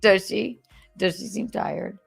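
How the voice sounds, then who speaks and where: A woman's voice: mid-range voice, slow pace, creaky, slightly rough, soft background music. A woman with a New York accent hosting a casual livestream chat, teasing and rambling with fillers, a bit under the weather. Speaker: podcast host.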